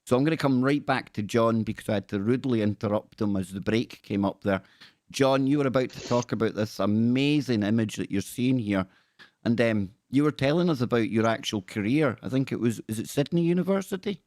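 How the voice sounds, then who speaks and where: A man hosting a casual live stream, chatty and quick with thanks, often repeating himself. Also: mid-range voice, a little mellow, no echo. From Scotland. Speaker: host.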